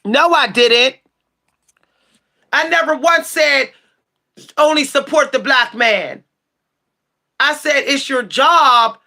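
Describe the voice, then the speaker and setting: Sassy woman streamer ranting at her chat, high bright voice, cussing and yelling sometimes. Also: slow pace, long pauses. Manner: sassy, blunt, profane, shouts at times. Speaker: livestream tarot channel host. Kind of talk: heated livestream rant answering chat.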